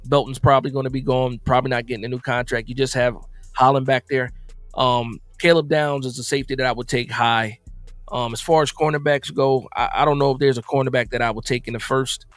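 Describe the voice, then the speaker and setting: A man with a mid-range voice, recorded dry, hosts a casual livestream recapping football. He reads comments from the chat and responds conversationally but emphatically, often repeating phrases to drive his points home.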